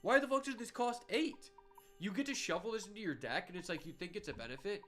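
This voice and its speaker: A young man streaming a card game, chatting casually and telling stories, given to sudden loud hype outbursts. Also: sits high, quick pace, soft background music. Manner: excitable, swings from quiet muttering to loud shouting. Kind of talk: live gameplay commentary and storytelling.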